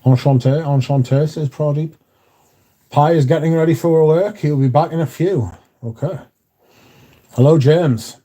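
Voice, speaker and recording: Chatting on a casual livestream, a man reads out his viewers' comments and swears liberally. His fairly high voice is warm and steady, unhurried and full of pauses.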